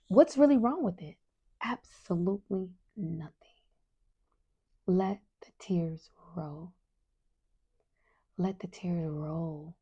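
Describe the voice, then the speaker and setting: On a muffled recording, a middle-aged podcast host speaks about parenting in a husky, fairly low voice. Her monologue is relaxed but sincere, sprinkled with "right?" and "you guys," and she occasionally drops into a gentle whisper to stress a point.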